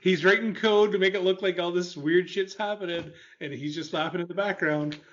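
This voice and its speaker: A man chiming in on a casual panel chat, jokey and excited, laughing as he talks. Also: sits high, a little fast. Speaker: podcast panelist. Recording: dull lo-fi sound.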